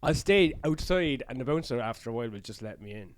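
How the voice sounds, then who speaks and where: A young man on a podcast, casually telling a self-mocking anecdote that trails off quietly. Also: mid-range voice, animated, quick pace, dry recording. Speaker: podcast guest.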